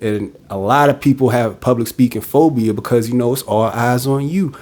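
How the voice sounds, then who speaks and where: With a medium-pitched, somewhat mellow voice at ordinary speed, he rants bluntly and directly through a casual podcast monologue. Quoted lines get acted out in character.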